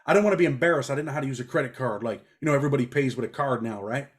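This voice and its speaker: Middle aged guy from new york, rapid street talk, telling it straight in an interview. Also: medium pitch, breathy edge. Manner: blunt, street-talking, animated storytelling. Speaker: interview guest, former prisoner.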